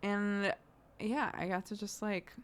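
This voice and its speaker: A woman's voice: medium pitch, steady tone, slow pace, clean tone. A woman streaming from home, chatting casually with lots of "like" fillers and frequent laughs. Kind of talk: casual chat.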